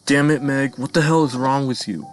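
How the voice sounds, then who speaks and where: A man voicing a furious, harsh middle-aged mother who shouts and scolds in a cartoon fan story. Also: deep voice, little pitch movement, normal speed, slight background noise.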